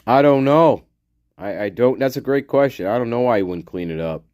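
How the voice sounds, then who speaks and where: A man's voice: medium pitch, animated, fairly quick, a little mellow, dry recording, studio quality. A man hosting a casual livestream, swearing and ranting angrily, then muttering to himself as he reads the chat. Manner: profane angry ranting; muttering while reading chat. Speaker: livestream host.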